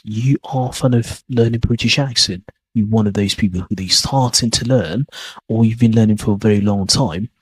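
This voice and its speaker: A man's voice: mid-range voice, husky, rough recording. A man hosting a podcast lesson, talking casually and rambling as he repeats his points. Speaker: accent teacher. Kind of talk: casual teaching monologue.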